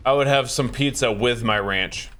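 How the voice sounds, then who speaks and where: A man's voice: medium pitch, moderate pace, fairly bright tone, a little hiss or hum. A young man chatting casually on a gaming stream, laid-back and jokey, laughing often.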